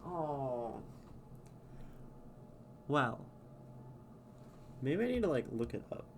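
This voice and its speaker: A man's voice: mid-range voice, sing-song, extremely slow, slight background noise. A man streaming live who reads a poem aloud and then chats casually with viewers, laughing often.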